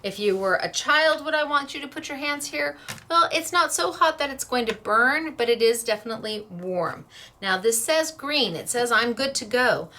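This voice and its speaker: A woman's voice: a little high, animated, moderate pace, sharp tone. A woman hosting a casual craft demonstration, chatty and upbeat, laughing easily as she works. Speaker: craft shop host.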